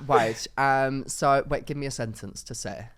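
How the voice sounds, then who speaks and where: A male podcast host in casual chat, bantering and poking fun at himself with frequent laughs. His voice sits at a middling pitch. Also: a little slow, a bit bright. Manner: chatty, self-mocking banter with frequent laughs.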